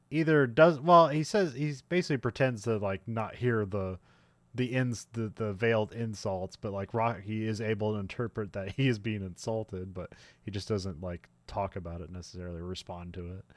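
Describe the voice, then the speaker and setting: A man's voice: on the low side, fairly even intonation, brisk, no echo. A man co-hosting a casual movie podcast, recapping scenes with many fillers and frequent laughs. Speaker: podcast co-host.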